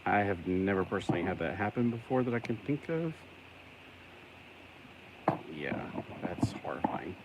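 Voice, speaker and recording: A man's voice: fairly low pitch, lively intonation, fast talker, hardly any pauses, highs cut off, background noise. A man talking casually on camera while cleaning a secondhand toy, rambling and self-deprecating, often grossed out. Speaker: toy collector vlogger. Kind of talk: casual unboxing vlog.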